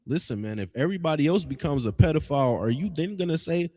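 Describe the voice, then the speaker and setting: A man's voice: a little high, very animated, quick pace, darkish tone. Blunt scolding preacher man in reverb. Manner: blunt, scolding, emphatic with slangy asides. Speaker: religious teacher. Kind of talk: street-style preaching lesson.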